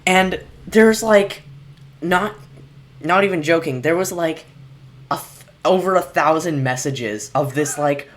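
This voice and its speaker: A man hosting a casual chat, rambling excitedly with lots of restarts and fillers. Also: a little high, measured pace, pauses often. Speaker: podcast host reacting to a video.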